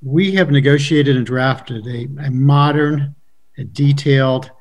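A man's voice: medium pitch, a little mellow, lo-fi sound. Man in a mid register, a company head addressing a council politely over a video link. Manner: polite, formal, slightly halting. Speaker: company president. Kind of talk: council meeting presentation.

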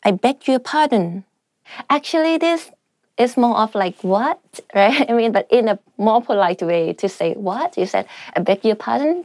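A woman's voice: on the high side, lively intonation, moderate pace, darkish tone, dry recording. A young woman teaching everyday phrases in a casual, chatty way, full of fillers and small laughs. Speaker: language teacher. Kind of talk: casual spoken language lesson.

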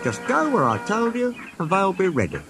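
A man's voice: high-pitched, huge pitch swings, normal speed, a bit bright, soft background music, pitched above the performer's own voice, full character voice. A man voicing a small, sly male tank engine who sounds innocent in a storybook tale.

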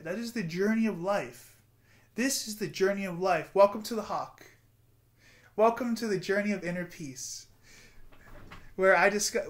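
A man in his twenties giving an earnest, rambling motivational vlog monologue with guided breathing and affirmations. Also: sits high. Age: 20s. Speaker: vlogger.

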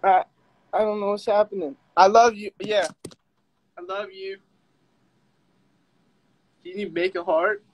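Slow-talking excitable young man. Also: high voice, creaky, rough recording. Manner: excitable, bursts into squeals and laughter. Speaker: livestream host talking with fans. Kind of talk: casual livestream chat. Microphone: phone.

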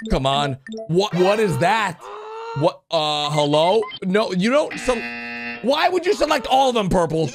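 Excitable high-voiced male commentator. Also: measured pace, over music. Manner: excitable, swinging from loud shouts to low mutters. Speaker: YouTube commentator. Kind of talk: excited commentary over animations.

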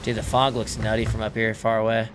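A man streaming a video game, chatting casually with viewers and crew, relaxed and joking with plenty of swearing. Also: fairly low pitch, fast, background noise. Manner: laid-back, swearing, joking banter. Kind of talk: casual live-stream chat.

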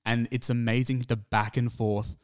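A man co-hosting a podcast reviews a film in casual, rambling chat, restarting often and laughing at himself. His voice is smooth and medium-pitched, with a level tone and normal speed.

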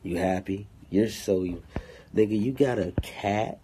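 A man's voice: fairly low pitch, measured pace, warm tone, slight background noise. A man streaming live to fans from his phone, in a profane, taunting, confrontational rant. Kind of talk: livestream rant.

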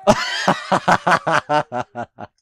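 A man's voice: fairly high pitch, very slow, vocal fry, a bit bright, dry recording, studio quality, some chatter behind. A man hosting a reaction video, commenting casually on clips, laughing often and swearing freely.

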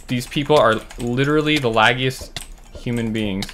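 A man giving running commentary on his own gameplay, muttering to himself and breaking into loud, frustrated outbursts. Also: medium pitch, moderate pace, slight background noise. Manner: talks to himself while playing. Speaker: gaming channel host.

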